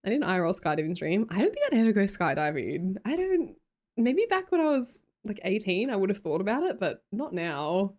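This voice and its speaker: Aussie girl streaming, chatty and giggly, pitch jumping around a lot. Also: big pitch swings, a little fast, darkish tone. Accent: Australian. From Australia. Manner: bubbly, greets chatters, frequent laughs. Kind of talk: casual live-stream chat, reading chat aloud.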